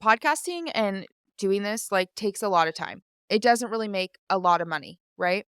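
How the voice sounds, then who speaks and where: A young woman hosts her own podcast, chatting candidly and casually with plenty of fillers, teary and sniffling at times. Her mid-range voice is expressive and clean-toned at a moderate pace. It is recorded on a studio microphone with clean studio sound and no room sound.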